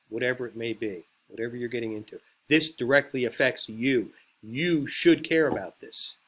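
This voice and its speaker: A man teaches speechwriting in a casual lecture, rambling loosely with lots of ums and you-knows and quick impressions. His voice sits at an ordinary middle pitch. He speaks conversationally to the class instead of reading from a script.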